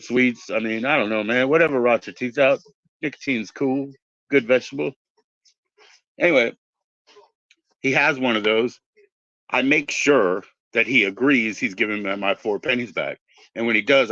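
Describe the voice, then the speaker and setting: A podcast host in his forties, with a lowish but bright and forceful voice, rambles through casual chat, drifting between tangents and cursing offhandedly. The recording is dull and lo-fi, dry and close with no room sound.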